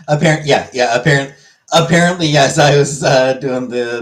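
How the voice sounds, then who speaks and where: A man chatting casually with his chat as a streamer, rambling, correcting himself and trailing off into quiet asides. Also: mid-range voice, normal speed.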